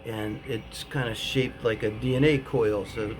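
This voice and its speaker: A man telling a personal story in a casual, rambling way, with many pauses and fillers. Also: mid-range voice, steady tone, over music. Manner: rambling and hesitant, full of fillers. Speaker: author telling his own story.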